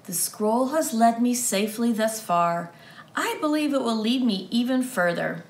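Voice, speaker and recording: A woman's voice: fairly high pitch, expressive, measured pace, reverberant. A woman voicing a timid, polite young male squire in a children's storybook reading. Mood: resolute. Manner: polite, respectful, pleading.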